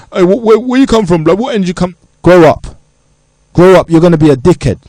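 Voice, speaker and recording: A man's voice: a little high, darkish tone, no echo. A middle-aged man hosting a show, delivering a blunt, impassioned lecture to young people in street slang. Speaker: show host addressing youth. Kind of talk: impassioned monologue.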